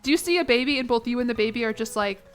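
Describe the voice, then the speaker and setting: A woman's voice: fairly high pitch, rapid-fire, soft background music. A young woman streaming a game, rambling and giggling as she chats with her viewers. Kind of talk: casual chat to a live chat.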